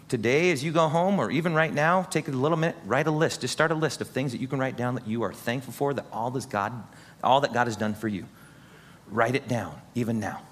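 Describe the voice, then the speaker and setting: A man pastor preaching an earnest, encouraging sermon straight to his congregation. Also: medium pitch. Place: church sanctuary. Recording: husky voice in a long-reverb hall.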